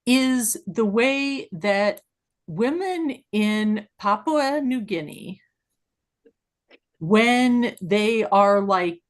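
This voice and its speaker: Slow-talking woman explaining with fillers. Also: mid-range voice. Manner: explanatory, many "like" fillers, animated when making a point. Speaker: podcast co-host. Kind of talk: casual discussion.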